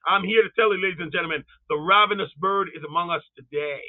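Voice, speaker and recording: Man preaching hard, real high voice, fervent, yells out to the crowd, tinny phone-line sound. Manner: fervent, rising to cries and shouts, drawing out scripture quotes slowly; calls out to the audience. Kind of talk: sermon.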